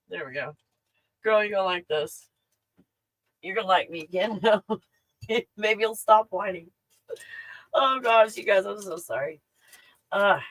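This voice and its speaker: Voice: medium pitch, fairly bright tone, dry recording, low-quality recording. Chatty rambling livestream host at home. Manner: chatty, scattered, laughs often, talks to a puppy. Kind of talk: casual rambling livestream chat.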